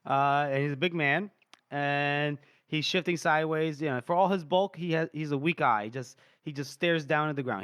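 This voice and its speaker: A man's voice: a little high, normal speed, smooth, dry recording. Chatty man with a dry, close sound. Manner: animated retelling, laughs often, many restarts. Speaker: podcast co-host. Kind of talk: casual book discussion.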